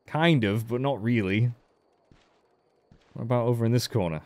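A let's play host gives casual game commentary in a mid-range, darkish voice at normal speed, with no echo. He's chatty and joking, and he swears freely and often.

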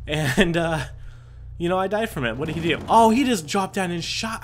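Young guy gaming commentary, fairly high voice bouncing all over, cussing and yelping, bit of background hiss. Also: moderate pace. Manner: excitable, swearing, yelps and self-mocking laughs. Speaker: gaming YouTuber. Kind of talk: let's play commentary.

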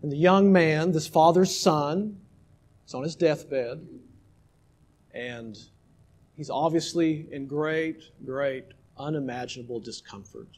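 A male pastor preaching a sermon emphatically, swinging from loud exhortation to hushed asides. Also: a little high, slow.

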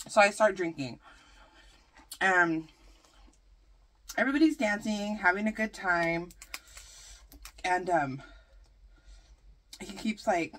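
Woman vlogger, storytime, chatty, lots of fillers, animated telling. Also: medium pitch. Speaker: mukbang vlogger. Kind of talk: casual storytime while eating.

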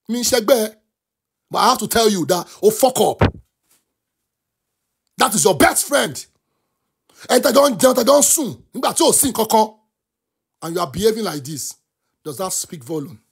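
Man, Nigerian accent, talk show host, husky, raspy texture, heated commentary, bursts of shouting. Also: sits high. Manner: impassioned, switches between English and Yoruba, often bursts into shouts. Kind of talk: animated commentary rant.

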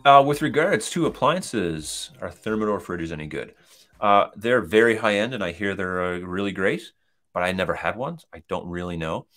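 A middle-aged man hosting a casual live-stream Q&A as a kitchen designer, rambling in a relaxed way with lots of fillers and restarts. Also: low voice, normal speed.

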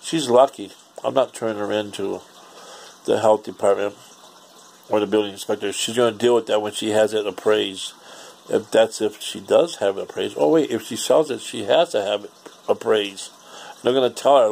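A man's voice: fairly low pitch, steady tone, normal speed, vocal fry, darkish tone, breathy edge. A man, ranting casually and profanely in a rambling home vlog. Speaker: vlogger.

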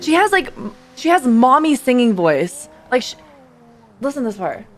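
A woman streamer reacting casually to a song, effusive and excitable and swearing freely. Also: high-pitched, normal speed, music in the background.

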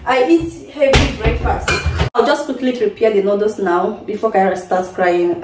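A woman's voice: mid-range voice, animated, darkish tone, reverberant, recorded from a distance, faint music behind. A young Nigerian woman, a mother, talking casually to her viewers at home and cooing over her baby in a sing-song voice. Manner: doting, sing-song baby talk mixed with quick asides to viewers. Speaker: vlogger and mother. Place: home kitchen and living room. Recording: noisy home recording.

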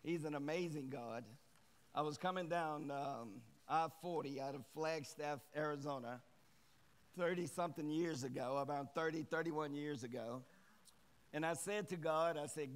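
Fervent male preacher, fairly high voice. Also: moderate pace. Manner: energetic, leads congregation in call-and-response. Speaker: guest preacher. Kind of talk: sermon. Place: church sanctuary.

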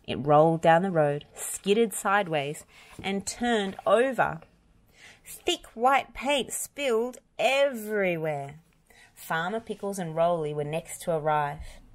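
Gentle lower-voiced woman reading aloud. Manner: gentle, expressive, unhurried. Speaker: storybook reader. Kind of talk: children's read-aloud narration.

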